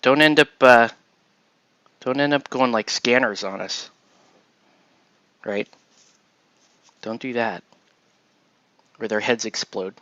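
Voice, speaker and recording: A man's voice: medium pitch, fairly even intonation, takes it slowly, long pauses, fairly bright tone, no echo, dull audio. A man hosting a casual chat while assembling miniatures, rambling and chuckling as he trails off and restarts. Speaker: host.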